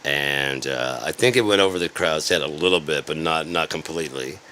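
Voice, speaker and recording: A man's voice: extremely low pitch, moderate pace, pushed and bright, slight background noise. A man ranting in a sarcastic, rambling and profane way, as an online commentator.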